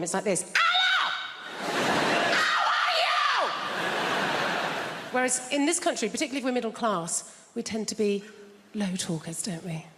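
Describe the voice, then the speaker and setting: Woman, stand-up comic, deadpan asides, live theatre stage, long hall reverb, loud noise behind. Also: fairly high pitch. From England. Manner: dry, self-deprecating, deadpan asides to the crowd. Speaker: stand-up comedian. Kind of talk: stand-up comedy set. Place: large theatre stage before a live audience.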